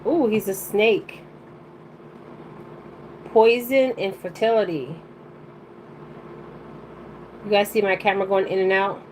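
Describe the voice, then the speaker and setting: A woman's voice: mid-range voice, unhurried, a little mellow, a little hiss or hum, rough recording. A woman giving a live-streamed oracle card reading to her viewers. She rambles bluntly in casual slang and keeps checking in with "okay?".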